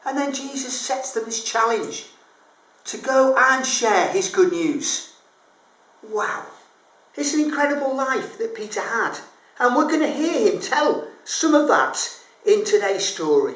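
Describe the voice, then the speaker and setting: A woman leading a school assembly, telling a story to children with an expressive delivery that lifts high and then drops to a hush. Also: unhurried. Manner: expressive, rises and hushes for effect. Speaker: assembly leader. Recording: echoey, roomy recording.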